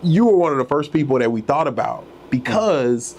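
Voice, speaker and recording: A man's voice: mid-range voice, sing-song, normal speed, a little mellow, a little hiss or hum. A man hosting a podcast, enthusiastic and friendly as he interviews a guest. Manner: enthusiastic, hype introductions. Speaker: podcast host. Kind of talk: casual interview.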